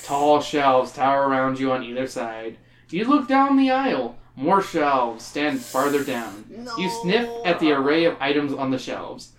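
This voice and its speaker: A man reading a choose-your-own-adventure book aloud to friends, animated and tossing in joking asides. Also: medium pitch, measured pace. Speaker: game reader. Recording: roomy echo.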